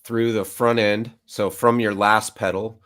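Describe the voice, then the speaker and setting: Low-voiced man rambling on a stream. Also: little pitch movement, a little slow, a bit bright. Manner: rambling, filler-heavy. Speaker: co-host. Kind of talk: casual chat.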